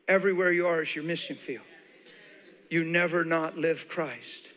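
A high-voiced man with a bright, forceful tone, preaching in a big church hall where his voice rings out with long reverb. He tells his story animatedly, and his voice often breaks into laughter and tears. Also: moderate pace. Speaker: guest preacher. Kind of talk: sermon storytelling. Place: large church auditorium.

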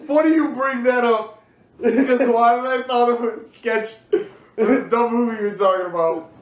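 A young man with a bright, high voice lays out silly sketch ideas and laughs as he goes. He sounds relaxed and chatty, and the recording carries a clear room echo. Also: moderate pace, muffled recording. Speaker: podcast co-host. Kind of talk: casual comedic chat. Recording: echoey room.

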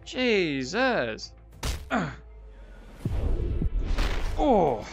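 A man with a high, bright voice that swings all over the place, giving excitable gameplay commentary as he plays in VR. He takes his time between exclamations and gasps, talking into a headset mic with faint music underneath. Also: very slow, vocal fry, lo-fi sound. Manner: excitable, exclaiming and gasping while playing. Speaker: gaming YouTuber.

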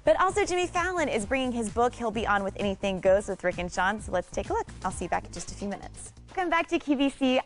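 A woman hosting a live shopping channel, talking in a bubbly, upbeat selling patter. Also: mid-range voice. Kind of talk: live home shopping presentation.

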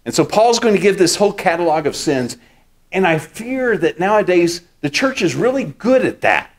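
A man's voice: high voice, sing-song, normal speed. A man preaching a sermon as pastor. He explains scripture step by step and repeats key words for emphasis.

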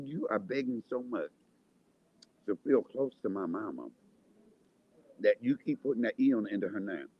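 A man in a heated, profane vlog rant, insulting people, swinging between loud outbursts and quiet asides, with a husky voice. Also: medium pitch, dull audio. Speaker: vlogger. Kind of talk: angry profane rant to camera.

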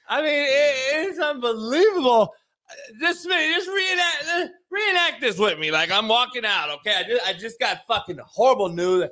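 A man hosts a talk show with a high voice that swings widely. His talk is a profane, animated, rambling rant full of swearing and laughter. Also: normal speed, dry recording. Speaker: host. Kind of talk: casual chat.

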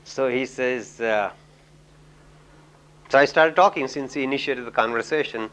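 A man's voice: mid-range voice, moderate pace, a bit bright. A man with an Indian English accent giving a lecture, telling anecdotes in a chatty way, full of "you know" and little chuckles.

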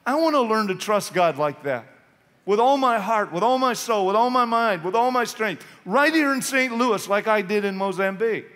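Pastor guy preaching hard and urgent, pretty high voice, echoing sanctuary. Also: fairly bright tone. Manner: impassioned, urgent exhortation. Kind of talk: sermon. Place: church sanctuary. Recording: long reverb of a church hall.

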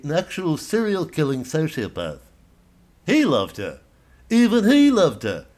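A man's voice: on the high side, voice pushed up. A man playing a gushing male commentator who repeats himself insistently.

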